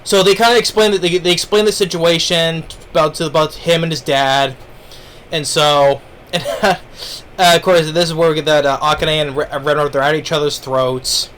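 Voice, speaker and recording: A man's voice: a little high, fairly even intonation, moderate pace, a bit bright, a little hiss or hum. A man giving a casual spoken review of an anime, rambling along with lots of fillers and restarts. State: eating while talking.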